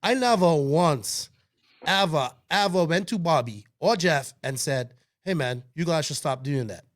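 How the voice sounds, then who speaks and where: A man co-hosting a podcast, talking in an animated, defensive way, with frequent swearing and restarts. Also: fairly high pitch. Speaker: podcast co-host. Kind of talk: heated casual podcast chat.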